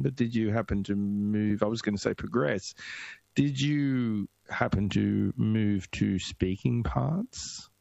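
A man hosting a radio interview, playful and teasing, laughing often with a gravelly voice. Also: on the low side, slow pace, darkish tone, no room sound. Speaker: radio host. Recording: dull lo-fi radio sound.

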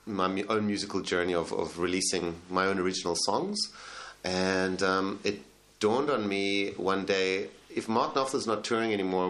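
A man's voice: sits low, fairly bright tone. A man, a band leader answering interview questions in a hesitant way, with many fillers and restarts. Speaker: tribute band leader and singer.

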